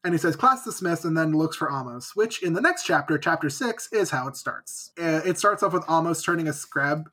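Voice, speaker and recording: A man's voice: on the high side, lively intonation, moderate pace, hardly any pauses, pushed and bright, slightly rough. A man co-hosting a podcast, recapping a book in casual chat and jokingly acting out the characters' lines. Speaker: podcast co-host.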